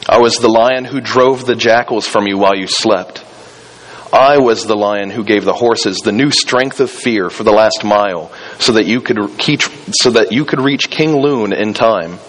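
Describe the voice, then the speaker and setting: A man voicing a vast male lion spirit from a storybook, deep, slow and solemn. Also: lightly acted, rough recording. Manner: grave, measured storybook reading.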